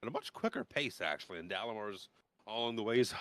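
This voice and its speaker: Low-voiced man narrating as dungeon master. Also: quick pace, no room sound. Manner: relaxed, rambling, many fillers. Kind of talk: narrating a tabletop game.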